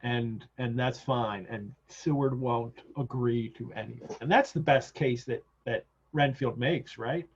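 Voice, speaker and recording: A man's voice: medium pitch, measured pace, few pauses, breathy edge. A man hosting a casual discussion of a novel over a video call, talking with enthusiasm, wandering off on side points and filling gaps with ums. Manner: enthusiastic, digressive, many fillers. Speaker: host. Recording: dull lo-fi video call audio.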